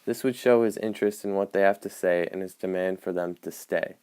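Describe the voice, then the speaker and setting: A man explaining the marks on an annotated play script, in a measured way with frequent hesitant ums. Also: low-pitched, fairly even intonation, a little mellow, clear, resonant tone. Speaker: student presenter.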